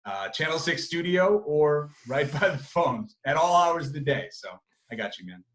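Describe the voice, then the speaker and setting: A young man, a sports reporter, chatting as an interview guest, animated and full of fillers and restarts. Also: a little high, normal speed, poor audio. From Massachusetts. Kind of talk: casual interview chat.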